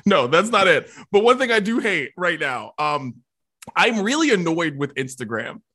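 A man's voice: high-pitched, sing-song, moderate pace, pushed and bright. A man hosting a casual podcast chat, ranting in an exasperated way. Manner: exasperated ranting, laughs often. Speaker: podcast host.

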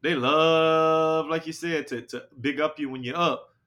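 Bright-voiced man hosting a podcast. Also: a little high, fairly even intonation, a little slow. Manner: rambling, with many fillers and restarts. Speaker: podcast host. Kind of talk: casual podcast chat.

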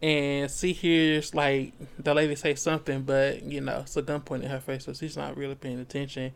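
A man's voice: medium pitch, little pitch movement, normal speed, vocal fry, clear, resonant tone. Laid-back, swearing man recapping a book. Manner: loose and profane, laughs easily, acts out quotes. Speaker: book club podcast host. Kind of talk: casual chat recapping a novel.

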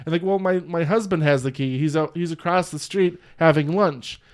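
A man's voice: on the high side, moderate pace, smooth. A man hosting a podcast, casually retelling movie scenes with lots of laughter and acted-out quotes. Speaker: podcast host. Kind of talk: casual movie-review chat.

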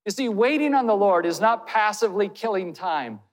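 A man's voice: high voice, expressive, fairly quick. Earnest preaching man in a reverberant hall. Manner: earnest, asks the listeners direct questions. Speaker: pastor. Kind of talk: sermon. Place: church hall.

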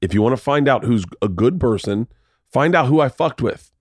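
Animated storytelling man, dry close sound. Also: medium pitch, normal speed, no room sound. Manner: animated, swears freely, acts out voices in stories. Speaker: podcast host. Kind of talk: casual storytelling chat.

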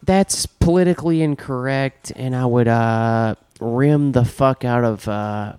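A lewd, bumbling middle-aged prosecutor, as a man puts him on in a comedy podcast bit. He drags out every phrase slowly and crudely, in a voice of middling pitch. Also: mellow, clear, resonant tone, no room sound, close to an everyday voice. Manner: slow, drawn-out, crude parody delivery.

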